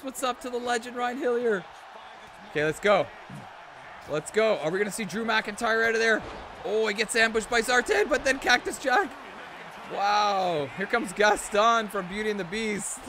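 A middle-aged man excitedly commenting on a live game stream and chatting with viewers. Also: high voice, noisy background.

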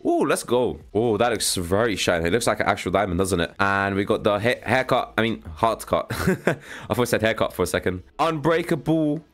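A young man giving casual, excitable commentary as he reacts to a video game, with a slangy, chatty way of talking. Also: lowish voice, moderate pace. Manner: casual, excitable, slangy, says "bro" a lot. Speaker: gaming channel host.

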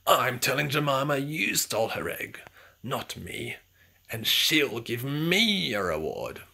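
A greedy thief of a rat from a children's storybook schemes and gloats in a hushed, whispery voice, as a reader puts him on. His voice is gravelly and slow, and he sounds pleased with himself. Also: medium pitch, big pitch swings, heavily acted. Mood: gloating.

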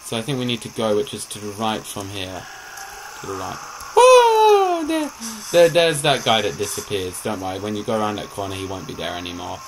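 A man casually coaching a friend through a horror game, jumping between calm tips and sudden excited yelps. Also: on the low side, brisk, slight background noise, low-quality recording. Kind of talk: casual gaming chat.

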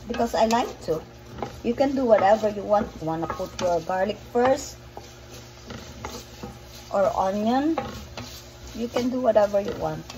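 Chatty woman cooking in a noisy kitchen. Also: mid-range voice. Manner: chatty, meandering, repeats herself. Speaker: cooking vlogger. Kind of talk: casual cooking vlog. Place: home kitchen. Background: chopping and pan sounds.

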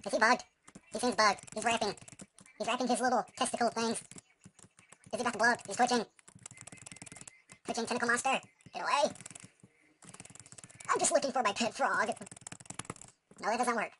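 Young woman gamer, fairly high bright voice, loud, swears and squeals while playing. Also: moderate pace, long pauses, a little hiss or hum. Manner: excitable, swears at enemies, yelps and hums along. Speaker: let's play gamer. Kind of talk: casual game commentary.

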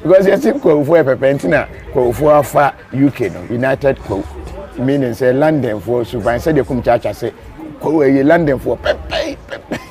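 A man's voice: mid-range voice, animated, moderate pace, darkish tone. A man with a Ghanaian accent hosting a live stream, reading viewer comments and joking, switching between Twi and English. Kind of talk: casual chat.

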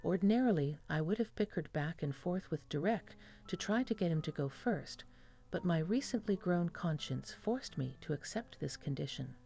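A woman's voice: fairly low pitch, lively intonation, normal speed, vocal fry, dark tone, soft background music. A woman reading a first-person horror story as scripted narration.

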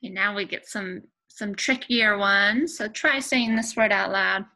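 A young woman teaching a remote lesson to young children, speaking patiently and clearly with pauses between words. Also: mid-range voice, sharp tone, low-quality recording.

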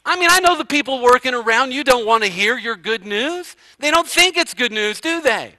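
A man, the pastor, preaching a sermon, swinging from hushed passages to fervent, emphatic ones. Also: very high-pitched, expressive, moderate pace, no room sound, poor audio.

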